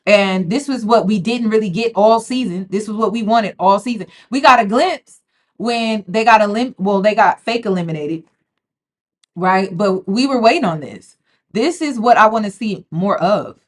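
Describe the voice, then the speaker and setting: Her mid-range voice runs at normal speed as she riffs on a reality show with casual slang. Animated and chatty, the woman talks straight to viewers and calls them y'all.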